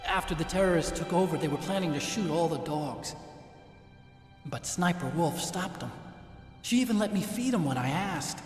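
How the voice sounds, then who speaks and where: A man's voice: on the high side, expressive, normal speed, reverberant, big-room sound, faint music behind, natural voice. An actor playing a timid, anxious male scientist in a video game. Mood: pleading. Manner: anxious, pleading. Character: nervous timid young male scientist, meek. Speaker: game character.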